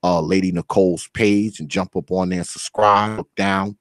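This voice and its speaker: A man with a very low, deep voice hosts a relaxed talk show conversation. He speaks earnestly, thanking his guest and circling back over his points. The sound is dry and close. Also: moderate pace, dry recording. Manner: earnest, thankful, repeats himself. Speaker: host. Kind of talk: casual interview chat.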